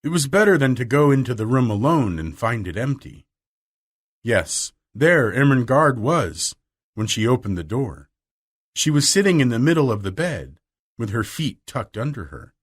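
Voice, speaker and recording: A man narrating a storybook with a lively melody. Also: medium pitch, moderate pace, husky. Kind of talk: scripted audiobook narration.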